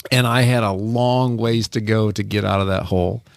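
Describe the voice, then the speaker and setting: Podcast guy with a gravelly voice, rambling and laughing at himself, dry close mic. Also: on the low side, fairly even intonation, moderate pace, no room sound. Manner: rambling, self-deprecating, with many restarts. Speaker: podcast co-host. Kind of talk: casual storytelling.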